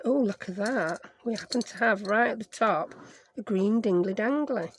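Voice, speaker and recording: A woman's voice: medium pitch, moderate pace, noisy background. A woman with a Sheffield accent chatting her way through a craft project, rambling and joking at herself with playful made-up words. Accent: Sheffield English. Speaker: craft vlogger. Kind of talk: chatty craft-along narration.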